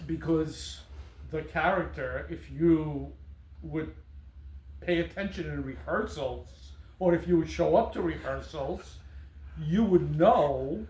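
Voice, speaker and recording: A man with a slightly high voice talks very slowly and deliberately, weighing each word with mock seriousness. He sounds like a host interviewing a guest. An echoey room surrounds him. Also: a little mellow. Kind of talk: casual interview. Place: theater venue after a performance. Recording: roomy echo.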